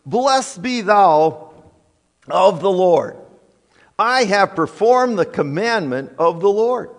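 A smug, self-righteous king insists he has obeyed, as a man preaching acts him out, in a voice pitched a little high and drawn out slowly. The words ring with the long reverb of a big hall. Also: lively intonation, full character voice. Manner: smug, pleading self-justification. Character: boastful self-righteous King Saul, male adult.

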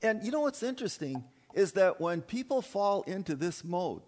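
A man's voice: high voice, sing-song, normal speed, a little mellow. A man preaching a sermon to his congregation, emphatic and repetitive, often asking the listeners questions. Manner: emphatic, repeats phrases, addresses the congregation as folks. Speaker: pastor.

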